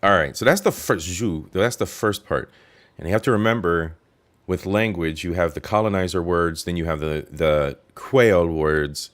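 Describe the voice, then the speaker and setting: A man's voice: deep voice, moderate pace. A male host chatting playfully, reacting to a language lesson and repeating words back. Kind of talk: casual reaction commentary.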